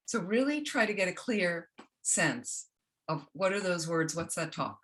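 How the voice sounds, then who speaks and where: A woman teaching a self-compassion workshop, gentle and instructional, often checking in with the group. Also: lowish voice, expressive, measured pace. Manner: gentle, keeps checking in with "okay?".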